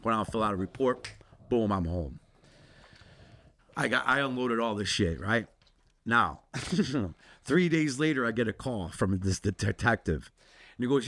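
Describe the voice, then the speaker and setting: Animated man telling a story. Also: on the low side, measured pace, pauses often. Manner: animated, swearing, acts out both sides of conversations. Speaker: podcast guest. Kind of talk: casual storytelling.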